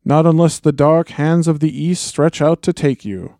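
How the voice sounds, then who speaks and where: A man voicing a stern, commanding old male wizard, reading a book passage aloud slowly and deliberately. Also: on the low side, a little mellow, no echo, clean studio sound, pitched below the performer's own voice.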